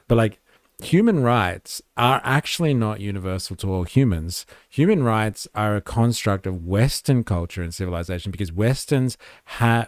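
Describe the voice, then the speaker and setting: A man runs a casual live stream and mocks the clips he plays, often breaking into laughter and reading viewer messages out loud. His voice sits a little low. It comes across dry and close, with no room sound. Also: no echo. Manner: sarcastic, laughing asides, reads chat aloud. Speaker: livestream host reacting to clips.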